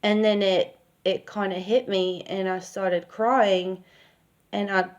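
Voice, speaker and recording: A woman's voice: mid-range voice, flat delivery, takes it slowly. A woman telling a personal story in a casual, rambling way with lots of fillers. She speaks candidly and swears now and then.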